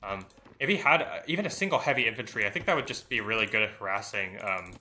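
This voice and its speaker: Bright-voiced man commentating a strategy game. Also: on the low side, lively intonation, fast. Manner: thinking aloud with many fillers. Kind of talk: esports commentary.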